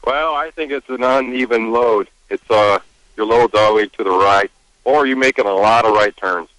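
Guy on the radio call-in, low voice, short unsure answers. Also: normal speed, fairly bright tone, no room sound, low-quality recording. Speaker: caller, riddle contestant. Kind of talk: phone-in answer.

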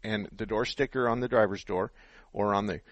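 Middle-aged male radio mechanic host, folksy and practical, low and dry, a bit winded on a headset. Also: fairly even intonation, a little fast, dry recording. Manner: folksy, practical, explains step by step. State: out of breath. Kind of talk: call-in radio advice. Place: radio studio.

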